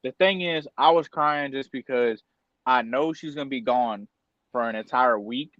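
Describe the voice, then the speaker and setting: A man's voice: medium pitch, normal speed, a bit bright, no room sound, dull audio. A young man on a casual podcast, candidly telling an emotional personal story with plenty of slang. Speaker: podcast co-host.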